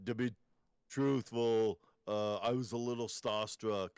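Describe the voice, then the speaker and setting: Brief: man doing an Austrian-accented strongman impression, gravelly, mid-pitched, dry close mic. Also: steady tone, measured pace, a little mellow, dry recording. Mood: jokey. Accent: Austrian, put on. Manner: heavy mock-menacing delivery, clipped phrases. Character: gruff older male action-star impression. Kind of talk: comedic impression on a podcast.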